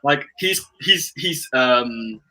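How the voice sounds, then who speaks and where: A man's voice: mid-range voice, expressive, extremely slow, pushed and bright, slight background noise, poor audio. A man hosting a casual chat, telling a club story in slangy, profane speech. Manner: storytelling, slangy, swears freely. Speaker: host.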